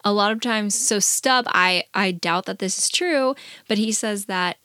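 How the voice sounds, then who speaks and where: A woman's voice: mid-range voice, pushed and bright, dry recording, clean studio sound. A woman co-hosting a podcast, chatting casually about a novel and chiming in with comments. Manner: chatty, quick to laugh and add comments. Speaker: podcast co-host. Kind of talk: casual book-club chat.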